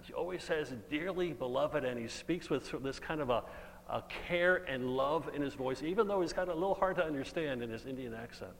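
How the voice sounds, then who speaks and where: A man's voice: mid-range voice, lively intonation, fairly quick. A man preaching an earnest, emphatic sermon and reading scripture aloud. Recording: long hall reverb, faint hum.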